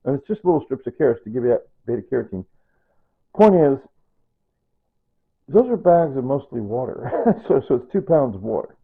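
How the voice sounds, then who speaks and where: Husky guy rambling on in his kitchen, middle-pitched voice, tinny phone-like sound. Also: very animated, normal speed, pauses often. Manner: rambling, repeats himself, explains step by step. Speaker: home cooking vlogger. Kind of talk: unscripted cooking video chat. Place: home kitchen.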